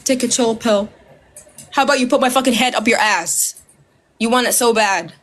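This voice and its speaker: A woman ranting straight to camera, loud and heated, swearing constantly and mimicking her critics with sarcasm. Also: a little high, moderate pace, slight background noise. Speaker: social media creator. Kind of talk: ranting direct-to-camera video.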